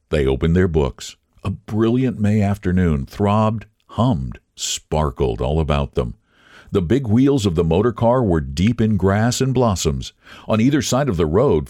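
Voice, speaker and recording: A man who hosts a podcast, reading a literary story aloud in an expressive, measured storytelling manner. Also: sits low, no echo, clean studio sound. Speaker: podcast host and story reader.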